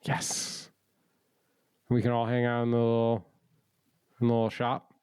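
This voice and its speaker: A man's voice: medium pitch, monotone, a little slow, darkish tone, clear, resonant tone, no room sound. A man co-hosting a podcast, chatting casually with playful, goofy, teasing humor. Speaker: podcast co-host. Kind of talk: casual chat.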